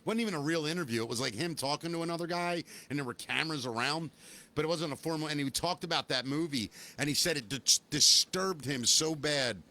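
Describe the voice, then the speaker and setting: A man hosting a podcast in casual chat, an animated, joking storyteller. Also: fairly high pitch, a little fast. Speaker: podcast host.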